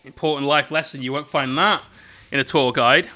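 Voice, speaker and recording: A man's voice: mid-range voice, steady tone, normal speed, sharp tone, soft background music. A British man casually telling a rambling, swear-filled story while painting miniatures on stream.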